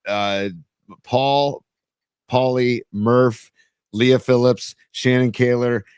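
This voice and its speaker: A man's voice: medium pitch, fairly even intonation, drawn-out words, a little mellow, clean tone, no echo, clean studio sound. A man co-hosting a casual sports talk show, easygoing and steering the segments. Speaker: podcast co-host.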